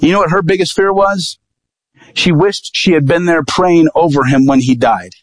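A man preaching as an evangelist, telling a personal story in a lively sermon style and acting out what people said. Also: a little high, normal speed, no echo. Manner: vivid storytelling, acting out quoted dialogue.

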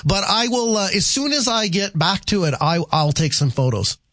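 A man's voice: high-pitched, big pitch swings, normal speed, fairly bright tone, dry recording. A man hosting a talk radio show in a casual, self-deprecating way, with stammered restarts now and then. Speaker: radio host.

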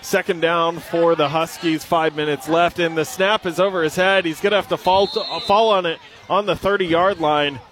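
A man calling a high school football game live, lively and joking, reading sponsor spots between plays. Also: normal speed. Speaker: play-by-play announcer.

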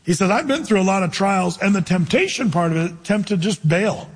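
Pastor guy preaching, lively, acts out voices, kinda breathy tone, big reverby church. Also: sits high, brisk. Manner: animated, acts out quoted voices, asks the audience questions. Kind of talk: sermon.

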